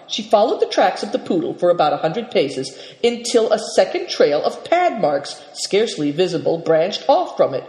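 A reader narrating a children's novel aloud, steady yet expressive. The pitch moves lively through each line. The recording has a roomy echo with a long reverb tail. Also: moderate pace. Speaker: storyteller. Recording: echoey room with long reverb.

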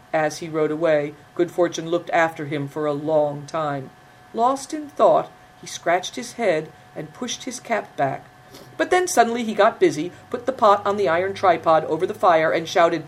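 A woman narrating an audiobook in a measured, even storytelling manner. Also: low-pitched, a little hiss or hum.

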